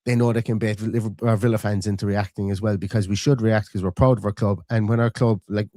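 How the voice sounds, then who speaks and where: A man, talking in an animated, rapid-fire way and making his points with energy in a casual football chat. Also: fairly low pitch, no room sound, studio quality. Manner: animated, rapid-fire, acts out quoted voices. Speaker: football fan podcast host.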